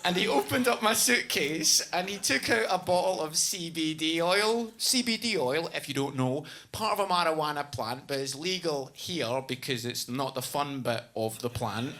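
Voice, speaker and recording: Man, stand-up comic, chatty, self-mocking, lively pitch, noisy live recording. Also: normal speed, hardly any pauses. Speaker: stand-up comedian. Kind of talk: stand-up storytelling. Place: comedy club stage. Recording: live club recording with noise.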